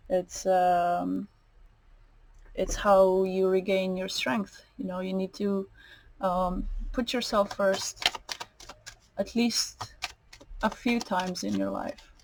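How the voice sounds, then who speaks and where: A woman's voice: medium pitch, low-quality recording. A woman giving a tarot card reading, slightly nasal, meandering, with many fillers and restarts. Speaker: tarot reader.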